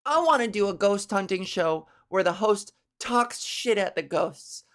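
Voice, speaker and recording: A crude, animated woman comedian riffs through a podcast monologue. She swears freely and keeps jumping into little acted-out scenes. Her pitch sits in the ordinary middle for a woman. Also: a little slow. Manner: animated, crude, acts out voices. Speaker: podcast host.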